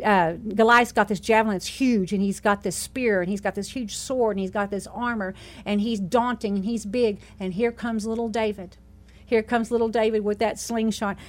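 A woman preaching a sermon, retelling scripture with animated asides and laughs. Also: fairly high pitch.

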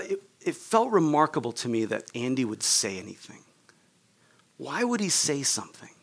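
The voice is a man's, medium in pitch and fairly bright. He's a pastor giving a sermon, casually telling his own story and performing the people in it, his speech dotted with "like" and "right?"

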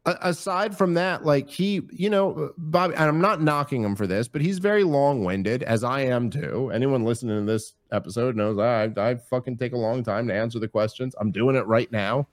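A man talking as a podcast guest in casual chat, animated, profane and rambling. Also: medium pitch, moderate pace, few pauses, no room sound, studio quality.

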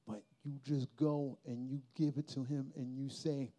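Guy preaching his own story to a youth crowd, earnest and emotional, soft warm voice. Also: medium pitch, little pitch movement, a little slow. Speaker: speaker at a Christian youth festival. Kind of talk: personal testimony talk.

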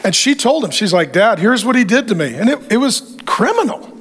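A man's voice: sits high, sing-song, fairly quick, a bit bright, slight background noise. A middle-aged man preaching a sermon as pastor, emphatic, with punchy repetition and touches of humor.

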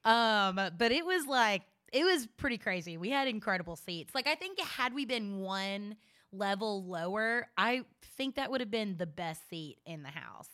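A woman's voice: medium pitch, expressive, moderate pace, a bit bright, dry recording, clean studio sound. A woman co-hosting a podcast, chatting casually and giggling, with many fillers. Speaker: podcast co-host. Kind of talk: casual chat.

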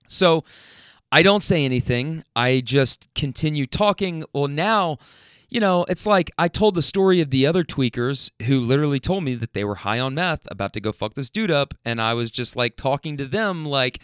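A young man telling a rideshare story in a casual, animated way, swearing a lot and restarting his sentences. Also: medium pitch, moderate pace, smooth, dry recording, clean studio sound. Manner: animated, profane, rambling with restarts.

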